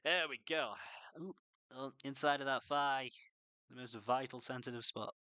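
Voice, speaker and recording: A man's voice: medium pitch, moderate pace, bright, forceful tone, clean tone, dry recording, lo-fi sound. A young man chatting casually and swearing freely as he paints miniatures on a stream. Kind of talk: casual chat while painting.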